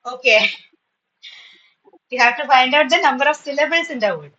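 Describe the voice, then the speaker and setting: A woman teacher with a bright, ringing tone pitched a little high. She is patient and encouraging, with frequent words of praise, and slips into when she explains something to her students. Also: a little slow, muffled recording. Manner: switches into Tamil when explaining. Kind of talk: online spoken English class.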